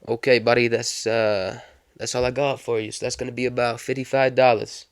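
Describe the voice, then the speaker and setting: A man voicing a gruff, demanding male New York cab driver with a put-on New York accent. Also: mid-range voice, flat delivery, fairly quick, no room sound, clean studio sound, natural voice. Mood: blunt. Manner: blunt, demanding, pushy.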